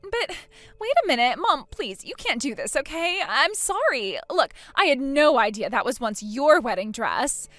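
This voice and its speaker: Bratty, mocking young sister-in-law voiced by a woman for a text-message drama; high, swooping pitch, dry close sound. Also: very animated, moderate pace, fairly bright tone, no room sound. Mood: pleading. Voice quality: mocking, whiny. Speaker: voice actor.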